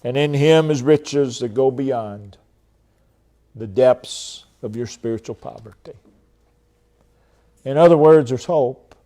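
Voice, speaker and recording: A man preaching a sermon, stressing key phrases over and over and letting his voice fall away softly at the end of each thought. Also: mid-range voice. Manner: emphatic, repeats key phrases, trails off softly at line ends.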